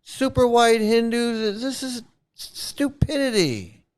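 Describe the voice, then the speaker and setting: In an extremely high-pitched voice and at a slow pace, a man hosting a casual commentary video rants with exasperation. He's blunt, repetitive, and swears freely.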